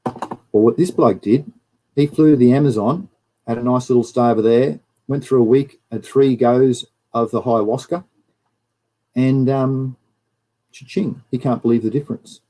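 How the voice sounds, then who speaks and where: A man with an Australian accent hosting a live stream, reading out news and viewer chat in a casual, animated, ranting way. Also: mid-range voice, normal speed, poor audio.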